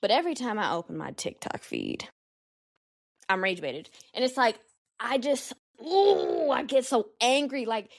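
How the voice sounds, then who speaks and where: A young woman hosting a casual solo podcast, animated and slangy, swearing freely as she talks. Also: on the high side, moderate pace, gravelly, no echo, studio quality. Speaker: podcast host.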